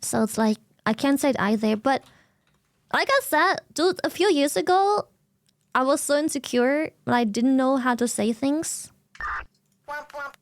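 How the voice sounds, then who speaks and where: Streamer, female, German accent, high voice, dry close sound, lively and slangy. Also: moderate pace, no echo. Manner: animated, slangy, swears freely. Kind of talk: casual stream chat.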